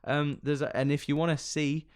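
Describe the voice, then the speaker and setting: A man's voice: on the high side, little pitch movement, normal speed, smooth. A man co-hosting a podcast in joking banter, laughing a lot. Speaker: podcast co-host. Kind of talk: casual chat.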